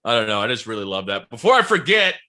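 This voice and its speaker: A man co-hosting a casual comedy podcast, telling stories in an animated, jokey way and laughing often. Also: fairly low pitch, quick pace. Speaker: podcast co-host. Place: home in New York.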